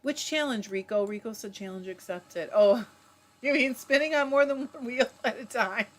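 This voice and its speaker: A woman's voice: mid-range voice, a little hiss or hum. Chatty woman on a live stream reading comments, laughs a lot, mid-range voice. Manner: chatty, warm-hearted, laughs often, breaks off mid-word. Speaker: livestream host. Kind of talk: casual chat reading viewer comments aloud.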